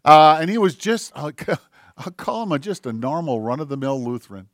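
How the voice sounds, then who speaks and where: A male pastor delivering a sermon with fervent conviction, his voice sitting a touch higher than most men's. He swings between pressed, emphatic phrases and hushed, almost whispered lines. The sound is close and dry, with no room around it. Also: sing-song, normal speed, dry recording. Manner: impassioned, swings from loud emphasis to near-whispers.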